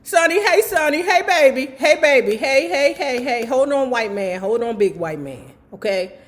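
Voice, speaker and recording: A woman's voice: sits high, lively intonation, moderate pace, voice pushed up. A woman voicing a fussy little old white lady from the South who coaxes and soothes. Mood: soothing. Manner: coaxing, calls people baby and son.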